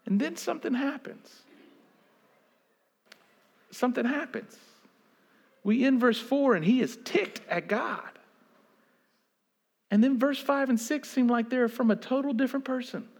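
A male pastor with a very high voice delivers a sermon. He moves from hushed, almost whispered lines to loud, pleading calls. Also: expressive, measured pace, vocal fry, long pauses. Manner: dynamic preaching, swinging from loud pleading to hushed near-whispers.

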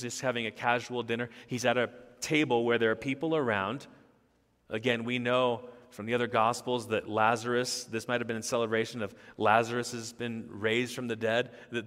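A man's voice: mid-range voice, fairly bright tone. A man in his thirties delivers a sermon in a church sanctuary, his mid-range voice trailing off into a long hall reverb. He talks earnestly and conversationally, building to emphatic bursts. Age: 30s. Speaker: pastor. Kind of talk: expository sermon.

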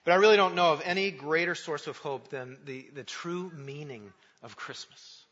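A man's voice: a little high, normal speed. A man preaching a Christmas Eve sermon, praying and telling a story in an earnest storytelling manner. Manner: storytelling, earnest and warm in prayer. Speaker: pastor. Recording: dull sound in a large reverberant church.

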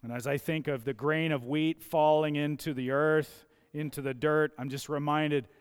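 A man preaching a sermon as pastor, his voice gravelly from a dusty throat, emphatic and repeating key phrases for stress. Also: on the high side, fairly even intonation, moderate pace, in a large hall.

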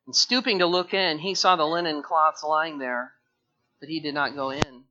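A man preaching an expository sermon, earnest and repetitive, moving from hushed tones to fervent emphasis. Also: fairly high pitch, moderate pace, lo-fi sound, a little hiss or hum. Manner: earnest, repeats words, swings from hushed to fervent. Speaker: pastor.

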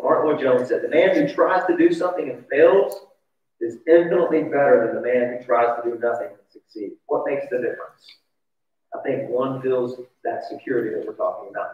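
A pastor giving a sermon in a conversational, confessional way, often asking his listeners questions. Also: mid-range voice. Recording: distant, echoey, dull church recording.

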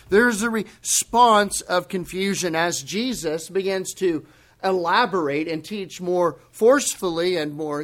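Slow, high-voiced preaching man. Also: a bit bright. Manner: preaching with dramatic exclamations; slow, deliberate emphasis. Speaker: pastor. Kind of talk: sermon.

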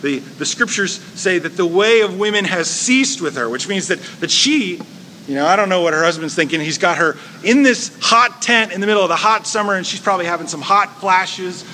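A man of about forty preaching a chatty, joking sermon, telling a story with lively humor. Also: high voice, fairly quick, slight background noise. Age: 40s. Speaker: pastor. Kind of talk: conversational sermon.

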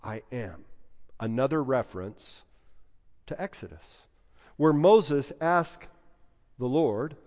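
Slow-preaching man in a reverberant hall. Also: fairly high pitch, lively intonation, darkish tone. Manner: measured preaching with emphatic repeated phrases. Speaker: pastor. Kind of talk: sermon. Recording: dull sound in a reverberant hall.

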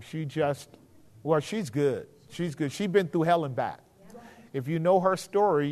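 A man's voice: on the high side, a little mellow, long reverb tail. A man teaching scripture to a group in a conversational sermon, often checking that his listeners follow him and rising in force when he quotes verses. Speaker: pastor teaching a Bible study.

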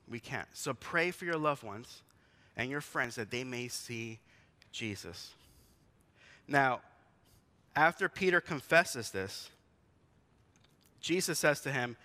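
A man's voice: medium pitch, pushed and bright. A man in his forties, a pastor giving a conversational sermon in a church, telling stories and asking the congregation questions. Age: 40s.

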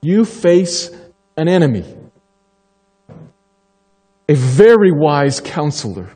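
Emphatic preacher in a reverberant hall. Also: male voice, fairly high pitch, very animated, warm tone, slightly rough, faint music behind. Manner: emphatic, slows down to stress key phrases. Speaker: pastor. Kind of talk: sermon.

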